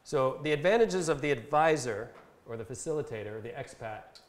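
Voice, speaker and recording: A man presenting a Bible translation workshop, explaining step by step in a casual instructional style with fillers, and reading verses slowly. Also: medium pitch, animated. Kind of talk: casual instructional talk with screen demo. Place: talk given at a camp session. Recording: echoey room sound.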